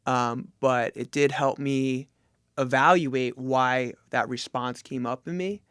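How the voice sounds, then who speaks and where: A man's voice: mid-range voice, steady tone, takes it slowly, fairly bright tone, smooth, no echo, clean studio sound. A man from New Jersey, a gym owner and jiu jitsu coach, talking reflectively as a podcast guest. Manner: reflective, thoughtful, with many fillers. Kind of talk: casual conversation.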